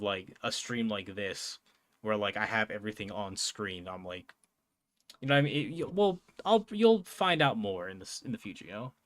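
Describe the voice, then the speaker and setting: Young man, low voice, casual live-stream chat, rambling, lots of fillers and swearing, dry close sound. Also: fairly bright tone, dry recording. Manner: rambling, filler-heavy, swearing, laughing often. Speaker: streamer and podcast host.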